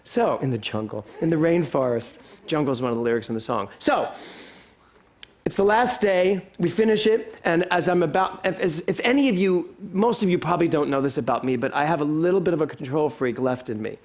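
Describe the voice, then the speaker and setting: A man preaching from the pulpit, spinning a humorous personal story. His voice sits a little high and he talks with animated, self-deprecating humor, chuckling at himself as he goes. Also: a little fast. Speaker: pastor. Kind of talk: storytelling sermon. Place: spiritual center sanctuary.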